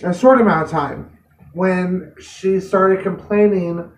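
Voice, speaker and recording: A woman's voice: fairly low pitch, fairly even intonation, slow, a little mellow. A woman vlogger telling a personal story to camera in an earnest, plain-spoken way. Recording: roomy, distant mic.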